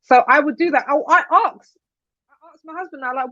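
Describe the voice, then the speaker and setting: A woman's voice: sits high, fast, a bit bright, no room sound. Chatty woman on a podcast panel. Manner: chatty, storytelling, laughs often. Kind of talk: casual panel chat. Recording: dull lo-fi podcast audio.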